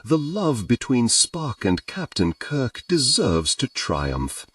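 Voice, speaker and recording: A man's voice: mid-range voice, huge pitch swings, slow pace, a bit bright, far from the mic, pitched above the performer's own voice, heavily acted. A man voicing a formal, logical alien boyfriend. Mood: upset. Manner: formal, precise phrasing without contractions.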